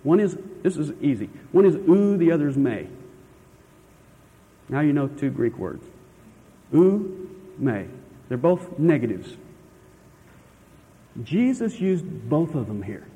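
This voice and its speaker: A man preaching in a church, his voice pitched a little high yet mellow and warm. He presses his points with drawn-out stressed words and questions to the listeners. His voice carries a long hall reverb. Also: very animated, muffled recording. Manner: earnest, emphatic, stretches key words for stress; asks the listeners rhetorical questions. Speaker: pastor. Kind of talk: sermon.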